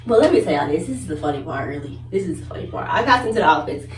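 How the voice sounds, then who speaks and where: A young woman vlogger telling a story in casual chat, animated, cursing and acting out the people in it. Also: low voice, very fast. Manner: animated, swearing, laughing, acts out others' voices. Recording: echoey room, mic at a distance.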